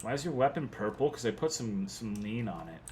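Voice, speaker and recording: A young male streamer from Texas, voice low and darkish in tone, narrates his game in an animated, fairly quick, rambling way. Swearing comes freely when he gets frustrated during this casual livestream. His home setup adds faint typing sounds and a little hiss or hum.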